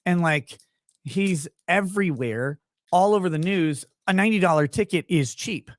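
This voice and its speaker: A man with a high voice hosts a livestream at a normal speed, recorded dry. His commentary is casual, sarcastic and rambling, with mocking impressions, and he addresses his chat viewers by name.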